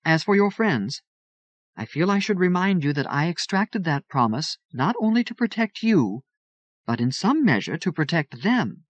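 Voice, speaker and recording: A man reading the part of a calm, wise aunt in a crisp, pleasant, measured voice. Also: a little high, no room sound, lo-fi sound, voice pushed up. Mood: calm, reassuring.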